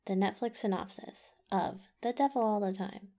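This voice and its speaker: A woman's voice: medium pitch, normal speed, creaky, hardly any pauses, mellow. A woman co-hosting a casual movie review podcast, chatty and laughing easily, with lots of "like". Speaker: podcast co-host.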